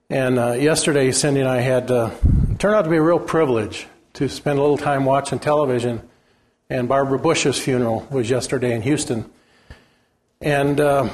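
Older man preaching, folksy and unhurried. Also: medium pitch, darkish tone. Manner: folksy, rambling with fillers. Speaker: guest preacher. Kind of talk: sermon. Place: church sanctuary.

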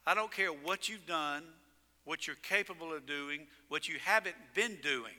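High, bright preaching man in a reverberant sanctuary. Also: a little slow. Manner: animated storytelling with sudden loud emphasis. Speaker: pastor. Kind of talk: sermon. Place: church sanctuary. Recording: long reverb in a church sanctuary.

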